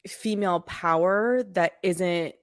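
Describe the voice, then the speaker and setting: A woman's voice: on the low side, takes it slowly, no echo, clean studio sound. A woman hosting a podcast in casual chat, thoughtful and searching for her words as she goes. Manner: thoughtful, searches for words, many fillers and restarts. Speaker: podcast host.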